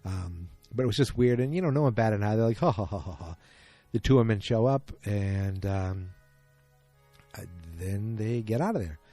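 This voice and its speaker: A man's voice: lowish voice, moderate pace, mellow, no echo, faint music behind. A man hosting a casual solo podcast, recapping an episode in a rambling, self-correcting way. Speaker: podcast host.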